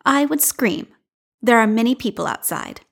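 A woman's voice: on the high side, animated, moderate pace, vocal fry. Woman voicing a proud young girl. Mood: dignified. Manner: earnest, dignified.

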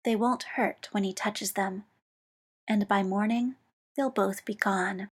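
A woman reading fiction aloud in a slow, soft, measured storytelling manner, dropping now and then into a whisper. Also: medium pitch, steady tone, husky. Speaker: narrator.

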